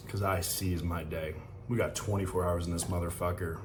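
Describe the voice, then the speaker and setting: Fervent low-voiced man giving a pep talk. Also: steady tone, normal speed, background noise. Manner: fervent, emotional, emphatic. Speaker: podcast host. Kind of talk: motivational monologue. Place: hotel room.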